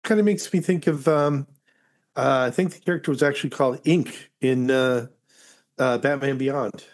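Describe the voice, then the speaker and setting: A man's voice: medium pitch, normal speed. A man co-hosting a podcast, chatting casually and joking about a comic. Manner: joking, muses aloud. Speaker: podcast co-host. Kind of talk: casual chat.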